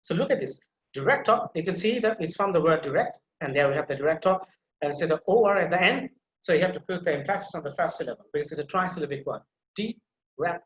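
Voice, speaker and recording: A male teacher giving a pronunciation lecture, repeating example words slowly and stressing their syllables, a native Bengali speaker. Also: fairly high pitch, a bit bright, echoey room. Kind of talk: online lecture.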